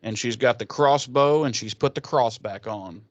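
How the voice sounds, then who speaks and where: A man's voice: mid-range voice, moderate pace, no echo, highs cut off. A man co-hosting a podcast, loosely retelling a TV episode with lots of fillers and casual swearing. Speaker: podcast co-host. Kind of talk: casual episode recap chat.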